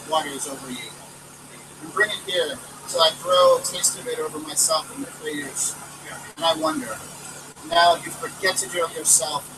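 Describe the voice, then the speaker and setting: A woman's voice: lowish voice, recorded from a distance, noisy background. A man reading as a grieving Irish widow mother.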